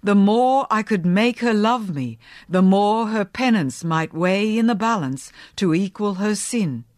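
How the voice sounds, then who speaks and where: A woman's voice: medium pitch, lively intonation, measured pace, a little mellow, no echo, studio quality, close to an everyday voice. A woman voicing a stern, zealous middle-aged male preacher who speaks in a fervent, sermonizing way.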